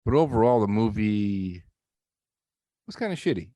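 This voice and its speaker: Low-voiced man giving a casual review. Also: expressive, moderate pace, mellow, no echo. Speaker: podcast co-host. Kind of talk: casual chat.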